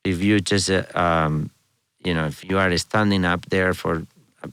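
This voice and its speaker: A middle-aged man from Spain with a thick Spanish accent, a guest telling animated stories in a casual interview, laughing often and restarting his sentences. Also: deep voice, a little slow, clear, resonant tone, no room sound. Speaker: guest, orchestra conductor.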